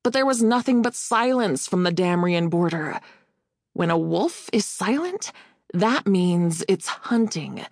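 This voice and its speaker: A woman reading a novel aloud as an audiobook narrator, in a measured, expressive first-person telling on a close studio mic. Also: lowish voice, no room sound.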